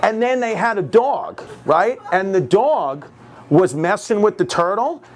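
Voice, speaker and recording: High-voiced new guy doing standup, all worked up, loud room noise behind. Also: unhurried. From New York. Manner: excitable, jumps into acted quotes, laughing audience. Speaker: stand-up comedian. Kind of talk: stand-up storytelling.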